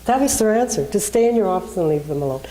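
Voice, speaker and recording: A woman's voice: mid-range voice, lively intonation, fast, mellow. A woman minister preaching in a conversational way, telling a personal story and acting out the people in it.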